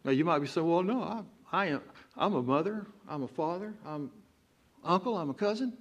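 Texan preacher with rising bursts. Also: male voice, a little high, lively intonation, brisk, lo-fi sound. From Texas. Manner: preaching with emphatic rising outbursts. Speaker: pastor. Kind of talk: sermon. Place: church sanctuary.

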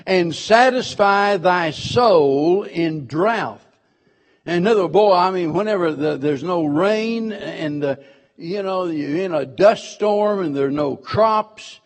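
A man's voice: high-pitched, measured pace. A man preaching a sermon, emphatic, repeating key words and quoting scripture in old-fashioned wording.

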